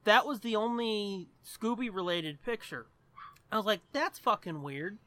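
A man co-hosting a podcast in casual chat, animated and rambling, swearing freely. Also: high voice, unhurried, no echo. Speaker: podcast co-host.

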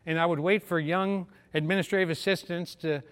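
Middle-aged man delivering a sermon story in a fairly high voice, acting out each character; recorded in a reverberant hall. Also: fairly even intonation, brisk, a bit bright, smooth. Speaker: preacher.

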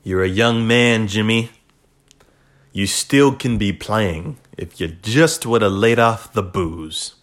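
A man's voice: lowish voice, takes it slowly, fairly bright tone. A man putting on a stern older male baseball commissioner with a blunt, stiff delivery. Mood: scolding.

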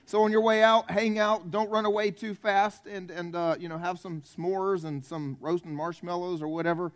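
A South Carolina pastor gives a Christmas Eve sermon in a high voice. He speaks in a relaxed, folksy way, joking with the congregation and bringing them into the story. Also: moderate pace. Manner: conversational, folksy, jokes with the congregation. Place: church.

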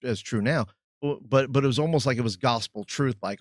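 A middle-aged man and former youth pastor, talking in a measured, thoughtful way and searching for words. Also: medium pitch, no echo, clean studio sound. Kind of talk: reflective podcast chat.

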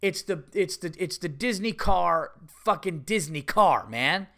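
On a casual podcast, a middle-aged man rants by himself, profane, emphatic and repetitive. His voice sits high and sounds expressive, unhurried, gravelly and a little bright.

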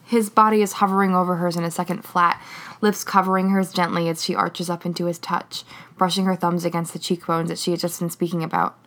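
A woman reading a romance story aloud in a measured, even way. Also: lowish voice. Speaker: reader. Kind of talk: reading fan fiction aloud.

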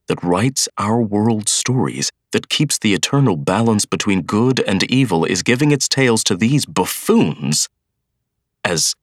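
A man's voice: fairly low pitch, no echo, clean studio sound, voice pushed up, full character voice. A man voicing an indignant young schoolmaster of Good who stammers, agitated and in disbelief. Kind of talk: audiobook character voice.

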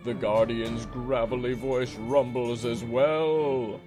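Slow mock-epic male game master. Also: mid-range voice, steady tone. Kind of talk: scripted fantasy narration. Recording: music bed behind.

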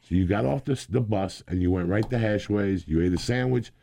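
A man in his sixties telling rambling, animated stories as a guest, laughing often. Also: fairly low pitch, fairly quick, creaky, dry recording, clean studio sound. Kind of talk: casual storytelling.

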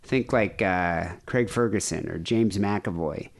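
A man's voice: low-pitched, slow, gravelly. A man hosting a podcast in casual chat, rambling and self-deprecating, with a somewhat nasal voice. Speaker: podcast host.

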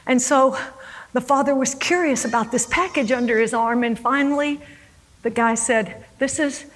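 A woman's voice: high-pitched, moderate pace, low-quality recording. A woman preaching a sermon, acting out scripture quotes with dramatic, rising emphasis.

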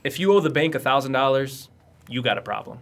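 A young American man telling stories in casual podcast chat, animated and laughing often. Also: medium pitch, fast. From United States. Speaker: guest.

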